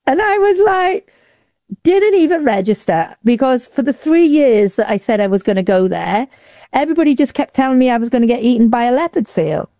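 Animated woman telling a story, mellow and dry. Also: a little fast, no room sound. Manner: lively, acts out quotes with big pitch jumps. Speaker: interview guest. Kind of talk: casual storytelling.

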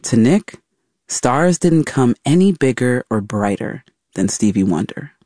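A man narrating a scripted documentary story in a measured, dramatic way. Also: medium pitch, sing-song, mellow, no echo, clean studio sound.

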